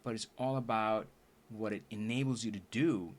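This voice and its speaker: A man talks to his livestream audience in an earnest, searching way. His voice is growing hoarse, and he keeps restarting sentences and breaking into quick laughs as he thinks aloud. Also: lowish voice, fairly even intonation. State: losing his voice. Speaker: livestream trainer and host. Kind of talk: casual livestream talk to viewers. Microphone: streaming setup.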